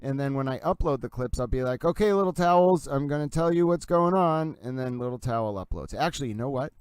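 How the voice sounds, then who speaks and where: A man with a New England Boston accent chats through a live stream in a playful, self-mocking way. His voice is smooth and clear at a middling pitch. The sound is dry and close. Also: fast, a little mellow, dry recording. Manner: playful, self-mocking chatter while working. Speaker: livestream host. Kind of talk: casual live-stream chat.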